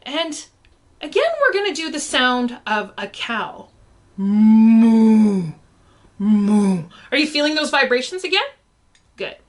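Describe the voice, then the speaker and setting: A woman's voice: sits high, very animated, normal speed, pushed and bright. A young adult woman teaching a science lesson for children in a playful, encouraging way, often asking the viewer questions. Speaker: science educator.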